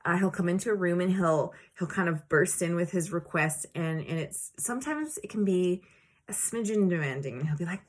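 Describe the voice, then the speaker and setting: Chatty animated woman teaching scripture memory. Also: on the low side, a little fast. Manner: chatty and animated, acts out quotes; encouraging, plainspoken. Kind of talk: casual teaching video.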